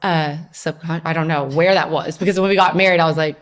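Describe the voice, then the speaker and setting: A young woman, a podcast guest, telling her personal story in a lively, conversational way. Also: low voice, a little fast, few pauses. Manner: animated storytelling, acts out her own past voice.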